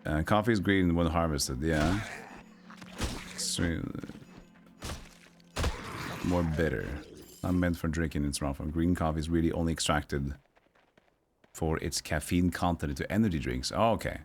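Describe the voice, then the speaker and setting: Low-voiced streamer chatting. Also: male voice, measured pace, pauses often. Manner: chatty, rambling, reading chat aloud. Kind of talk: casual chat while playing a video game. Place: home streaming setup. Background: game music.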